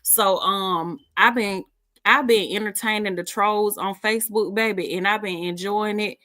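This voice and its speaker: Bright, sassy woman. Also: medium pitch, steady tone, unhurried, dry recording, studio quality. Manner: sassy, storytelling, reads viewer comments aloud. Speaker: livestream host. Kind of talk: casual livestream chat.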